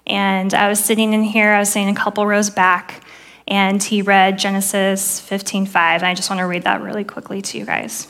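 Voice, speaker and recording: In a sermon testimony, a woman with a gravelly, mid-range voice speaks at normal speed with little movement in pitch. She tells her story earnestly and softens noticeably whenever she quotes a prayer.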